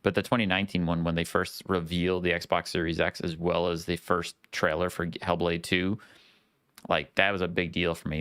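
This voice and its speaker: Podcast host, male, deep smooth voice, laid-back rambling delivery, dry close sound. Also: little pitch movement, moderate pace, fairly bright tone, dry recording. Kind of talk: casual podcast chat.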